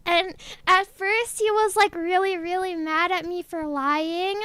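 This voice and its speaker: A woman's voice: very high voice, fairly even intonation, unhurried, a bit bright, a little hiss or hum. A woman with a girlish, childlike voice, telling a story in a giggly, rambling way as a VTuber chatting on stream. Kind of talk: casual stream chat.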